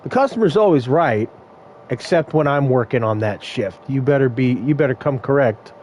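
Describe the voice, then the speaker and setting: A young man telling brash, animated stories about run-ins with customers at his fast food job. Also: medium pitch, a little hiss or hum. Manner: brash, animated retelling of confrontations. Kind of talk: casual storytelling vlog.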